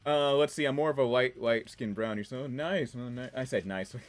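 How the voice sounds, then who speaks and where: A man's voice: mid-range voice, normal speed, soft background music. A man in his twenties from the Washington DC area, with a mixed DC-area and New York accent, rambling and laughing as he reads chat during a casual game stream. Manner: rambling, chatty, laughs often. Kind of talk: casual gameplay livestream chat.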